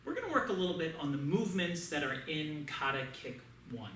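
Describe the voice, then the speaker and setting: A man's voice: fairly high pitch, very animated, fairly quick, fairly bright tone. A man teaching a children's martial arts class online, coaching upbeat and often checking in with the kids. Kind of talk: online kids' class instruction. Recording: echoey room with faint ambient noise.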